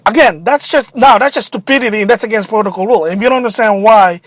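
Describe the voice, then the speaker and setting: A man's voice: high voice, fast talker, no room sound. A man telling a frustrating store story in a casual, agitated vlog rant. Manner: agitated, animated storytelling with restarts. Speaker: vlogger. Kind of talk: casual ranting monologue.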